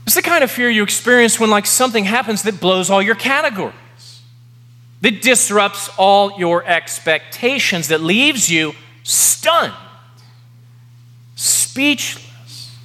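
Pastor guy preaching slow and emphatic, high bright voice, big reverby church. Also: lively intonation. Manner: emphatic, repeats key words slowly for effect. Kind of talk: sermon. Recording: long reverb of a large hall.

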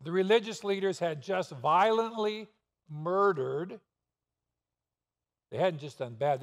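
Slow, reverberant preaching man. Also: fairly high pitch. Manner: preaching with rhetorical questions and sudden emphasis. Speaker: pastor. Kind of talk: sermon. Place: church sanctuary. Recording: long reverb of a church hall.

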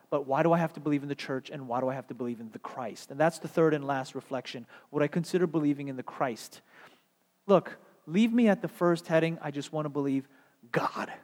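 High-voiced preacher in an echoing hall. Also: male voice, darkish tone. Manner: conversational, rhetorical questions, building to fervent exhortation. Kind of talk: sermon. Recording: long echo of a large hall.

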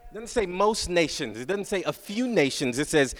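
A man with a fairly high voice preaches to a crowd in a large hall, and his words ring out with a long reverb. He circles back over his phrases again and again and keeps checking in with "right?", and he draws the prayer out slowly. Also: expressive. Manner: slow, drawn-out prayer recitation. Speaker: guest speaker. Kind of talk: sermon.

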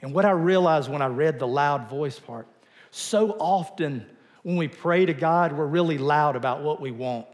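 A man's voice: a little high, normal speed. Man preaching in a reverberant hall. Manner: conversational, rhetorical questions, drops to quiet emphasis. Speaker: pastor. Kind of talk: sermon.

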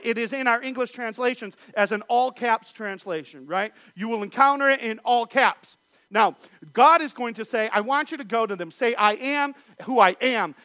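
High-voiced man teaching a Bible study. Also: pushed and bright, no echo. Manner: reads scripture aloud, then explains it.

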